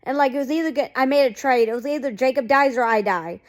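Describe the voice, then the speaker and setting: High-voiced gushing woman recapping a show. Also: quick pace. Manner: gushing, rambling, full of "like" and quoted reactions. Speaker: TV show reviewer. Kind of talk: casual recap vlog.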